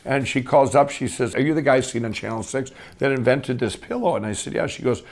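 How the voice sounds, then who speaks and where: A middle-aged man telling his life story as a guest, rambling and animated, full of fillers and restarts. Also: medium pitch, a little fast. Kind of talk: casual storytelling.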